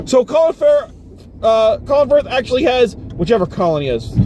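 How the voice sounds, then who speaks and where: Animated, exasperated man ranting from a car. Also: extremely high pitch, normal speed, a little hiss or hum. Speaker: film reviewer. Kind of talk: casual spoken movie review. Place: inside a car.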